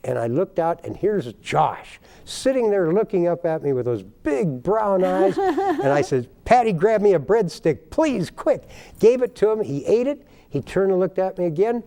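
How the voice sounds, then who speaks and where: An older man spins a folksy tale with a lively, swooping voice that rises high when he gets excited. His tone is dark and mellow. He acts out the people in his stories as he goes. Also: normal speed. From United States. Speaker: guest, baker. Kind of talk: storytelling in a TV interview.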